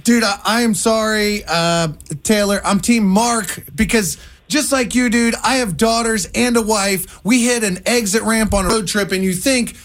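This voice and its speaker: A male radio co-host with a high voice, chatting and telling stories with a laugh. His delivery is loose and conversational. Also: normal speed, fairly bright tone. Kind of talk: morning radio banter.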